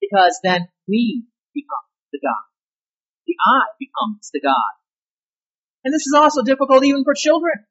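A woman's voice: sits high, lively intonation, normal speed, pauses often, breathy edge, muffled recording. A woman pastor preaching a sermon in an emphatic way, stressing key words and asking rhetorical questions.

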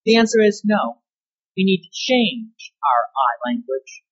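A woman's voice: medium pitch, very animated, a little slow, husky, lo-fi sound, soft background music. A woman pastor preaching a sermon in an emphatic way, stressing key words and asking rhetorical questions.

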